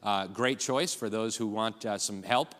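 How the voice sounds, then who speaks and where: A man's voice: fairly low pitch, a little slow, a bit bright. A man giving an impassioned, rallying speech at a conference, addressing the crowd as folks. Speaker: conference speaker. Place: large conference hall. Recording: long hall reverb.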